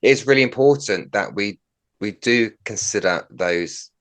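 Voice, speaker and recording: A man's voice: on the low side, normal speed, a bit bright. A man hosting an interview and speaking in a frank, conversational way. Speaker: podcast host.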